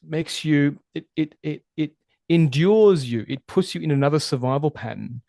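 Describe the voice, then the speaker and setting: A man with a gravelly, raspy edge and a fairly high pitch for a man talks in a casual podcast interview, sounding like a relationship coach. He is animated and emphatic and swears freely. The recording is close and dry, with no room sound. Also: normal speed, no room sound.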